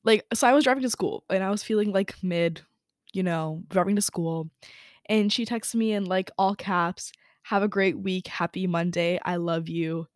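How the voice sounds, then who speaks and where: A woman's voice: fairly low pitch, moderate pace, no room sound, studio quality. A young woman hosting her own podcast, chatting candidly about her day and feelings, with lots of "like" and some swearing. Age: young adult. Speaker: podcast host. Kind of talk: casual personal chat. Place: indoors by a window.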